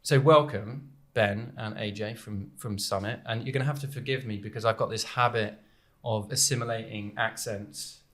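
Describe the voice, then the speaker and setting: On the low side and fairly even in intonation, the podcast host's voice sounds a bit bright as he talks at normal speed with few pauses. He rambles casually in the Jersey studio, full of fillers and fresh starts.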